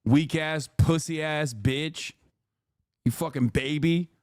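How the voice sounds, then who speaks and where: A streaming man tears into his targets with crude, mocking jabs. His voice sits a touch high and sounds smooth and crisp. The sound is dry and close. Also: slow, darkish tone, no room sound. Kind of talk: profane live-stream rant.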